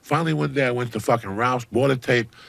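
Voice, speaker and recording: Gravelly, profane comedian ranting. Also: male voice, medium pitch, fast, dry recording. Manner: loud, swearing, punchy bursts with sudden shouts. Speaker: comedian guest on a podcast. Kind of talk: profane comic rant and storytelling.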